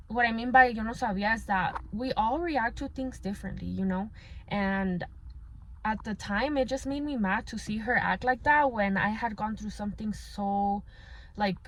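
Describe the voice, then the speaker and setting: A young woman telling a painful personal story in a casual, candid way, slipping in Spanish words and using many fillers. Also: mid-range voice. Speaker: vlogger.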